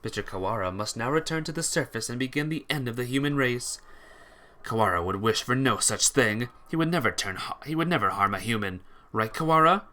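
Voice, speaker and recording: Man playing a smug, scheming doctor. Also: mid-range voice. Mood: mocking. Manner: slow, calm and condescending. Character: cold scheming male doctor, calm and smug.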